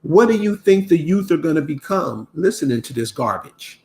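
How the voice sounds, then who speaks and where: A man's voice: a little high, animated, normal speed, darkish tone. A man ranting casually to his viewers, exasperated and preachy, often restarting his words. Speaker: commentator. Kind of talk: casual rant to camera.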